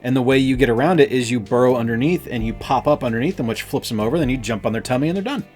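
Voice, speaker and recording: A man's voice: mid-range voice, very fast, darkish tone, soft background music. A man co-hosting a casual game review, talking with enthusiasm and lots of fillers. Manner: enthusiastic, rambling with many fillers.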